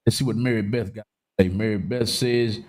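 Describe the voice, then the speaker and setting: A man hosting a casual live-stream talk show, joking loudly, swearing freely and reading viewer comments aloud. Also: on the low side, steady tone, fairly quick. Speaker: livestream talk show host.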